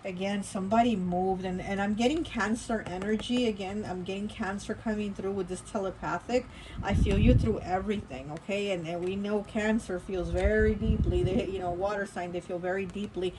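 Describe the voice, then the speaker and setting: A woman's voice: mid-range voice, fairly even intonation, normal speed, hardly any pauses, noisy background. A woman giving a casual tarot reading in a rambling, chatty way, with lots of fillers and restarts. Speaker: tarot reader.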